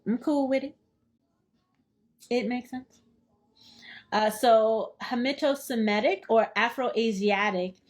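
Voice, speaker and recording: A woman hosting a study session, reading a book aloud and stopping to explain it in her own words, playful and quick to laugh at herself. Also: fairly high pitch. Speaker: study group host.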